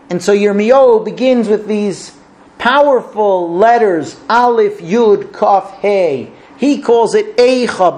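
A man's voice: sits high, a little mellow. A man teaching a Torah class, speaking with passion and rhetorical questions, and now and then chanting verses in Hebrew. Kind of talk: Torah class on the Book of Lamentations.

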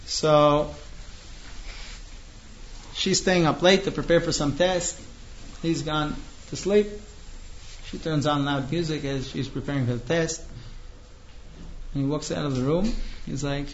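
A man with a somewhat high voice tells a story to a class, halting with fillers and restarts. The recording is a bit muffled and carries a faint hiss behind him.

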